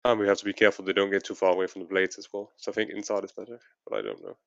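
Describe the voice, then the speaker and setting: Deep flat-voiced man planning a raid. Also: creaky, no echo, dull audio. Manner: measured, hedging with "I think". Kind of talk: casual voice chat strategy talk.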